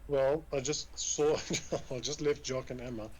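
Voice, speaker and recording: A man's voice: medium pitch, steady tone, unhurried, darkish tone, slight background noise, poor audio. A man playing his character in a tabletop game, casual and rambling, often laughing. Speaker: player.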